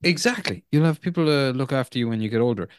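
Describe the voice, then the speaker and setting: A man's voice: medium pitch, expressive, fast, clean tone, no echo, clean studio sound. A man co-hosting a film podcast in casual, teasing chat. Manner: joking, teasing, laid-back. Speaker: podcast co-host.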